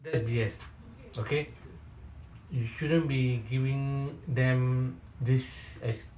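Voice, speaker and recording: A man with a mellow, warm voice coaches real estate agents in a Q&A session. He talks in short, emphatic bursts, repeats his key points and keeps checking in with "right?". The recording sounds roomy, with a noticeable echo. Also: medium pitch, steady tone, takes it slowly, slight background noise. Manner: repetitive and emphatic, with frequent restarts.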